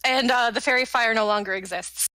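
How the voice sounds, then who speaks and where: Female player, hesitant and giggly, bright and a touch high. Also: fairly quick, clean tone, low-quality recording. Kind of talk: casual tabletop play.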